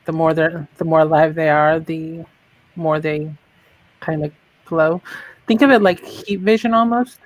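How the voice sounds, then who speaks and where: A player in a tabletop role-play game, speaking slowly and deliberately and asking many questions. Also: medium pitch, fairly even intonation, no echo, low-quality recording. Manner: slow, deliberate, asks questions.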